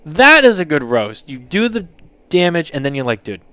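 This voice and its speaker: A man's voice: fairly high pitch, very animated, moderate pace, sharp tone, smooth, dry recording. A man hosting a casual show, reading listener submissions aloud and reacting with loose, joking, profane commentary. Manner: loose, joking, swears freely, reads out and reacts. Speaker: podcast host.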